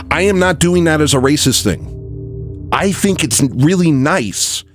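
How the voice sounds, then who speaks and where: A man delivering a satirical comedy monologue, playing it mock-earnest and rambling, with sudden jumps in pitch.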